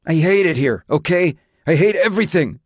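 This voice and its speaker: A man's voice: fairly high pitch, sing-song, moderate pace, breathy edge, dry recording, clean studio sound, voice pushed up. A man voicing an upset teenage boy who pleads and sulks, his voice cracking with tears in an audiobook reading. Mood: tearful.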